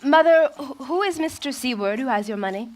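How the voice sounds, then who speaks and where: A woman's voice: high voice, animated, brisk. A woman playing an earnest young woman in a stage play. She asks curious, polite questions and explains things keenly. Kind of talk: stage acting.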